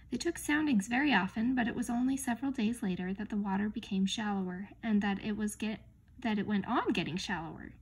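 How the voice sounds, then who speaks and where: A woman reading a children's novel aloud at a measured pace, with small slips and restarts. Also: medium pitch, husky, low-quality recording. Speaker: reader.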